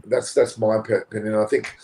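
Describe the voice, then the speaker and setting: A fairly low-pitched Australian man delivers his cricket analysis flatly but fast, sounding forceful and indignant on a post-match panel and repeating words when heated. The audio quality is poor.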